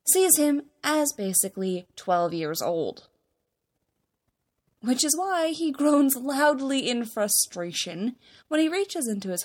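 A woman reading fan fiction aloud, narrating with wry, expressive emphasis. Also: on the high side.

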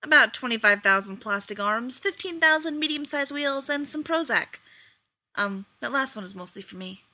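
A woman's voice: high voice, expressive, normal speed, bright, forceful tone, no room sound, pitched above the performer's own voice, full character voice. A woman reading the part of a sarcastic, self-important, fretful man elf in a storybook tale. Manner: exasperated, sarcastic.

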